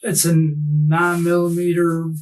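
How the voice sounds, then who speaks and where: A distraught, tearful man being interrogated, talking haltingly and restarting his sentences. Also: a little high, little pitch movement, far from the mic, slight background noise, poor audio. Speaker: murder suspect under interrogation. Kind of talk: police interrogation.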